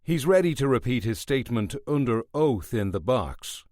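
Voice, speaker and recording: A man voicing a worried male police officer who talks in a low, coaxing way. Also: very animated, normal speed, darkish tone, no echo, studio quality, close to an everyday voice.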